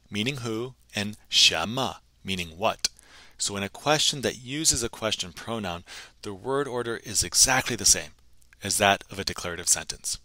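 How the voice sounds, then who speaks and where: Guy teaching a recorded language class, lowish voice but bouncy, takes it slow, dry sound. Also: pushed and bright, no room sound. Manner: models pronunciation slowly and repeats phrases for learners; patient, explanatory. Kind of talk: pre-recorded lesson narration.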